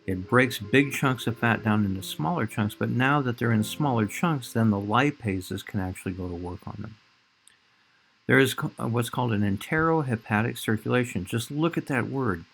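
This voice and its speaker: A man's voice: mid-range voice, normal speed, vocal fry, fairly bright tone, husky, faint music behind. A man teaching a recorded biology lecture, explaining slides and speaking directly to his students.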